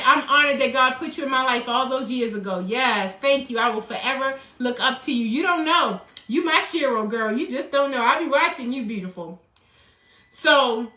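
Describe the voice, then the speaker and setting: A woman's voice: high voice, bright, forceful tone. A middle-aged woman, coaching viewers on a live stream in an emphatic, preachy way and thanking commenters by name. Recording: echoey room.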